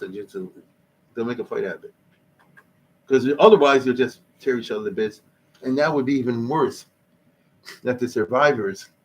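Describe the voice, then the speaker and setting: A man, a rabbi, giving an informal history lesson in a synagogue hall, mixing in Hebrew and Yiddish words and briefly voicing the people in his stories. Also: medium pitch. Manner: peppers speech with Hebrew and Yiddish terms. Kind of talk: informal lecture.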